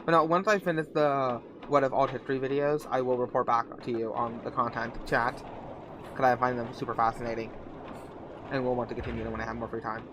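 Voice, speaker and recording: Young dude bantering and giggling on a stream, mid-pitched, faint hiss. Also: male voice, little pitch movement, quick pace. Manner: chatty, giggly, joking.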